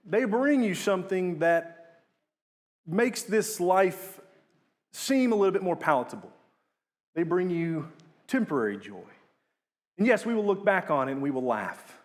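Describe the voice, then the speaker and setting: This is a young male preacher with an earnest delivery, whose voice swells to emphatic peaks and dips down on key words.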